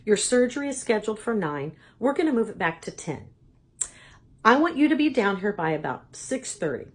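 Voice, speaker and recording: A woman voicing a calm, firm female doctor on the phone, who speaks in a quiet, measured way. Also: mid-range voice, slightly rough.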